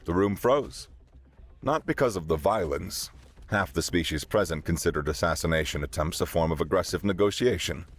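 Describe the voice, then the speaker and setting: A man narrating a sci-fi story in a steady, dramatic way. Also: low voice, breathy edge.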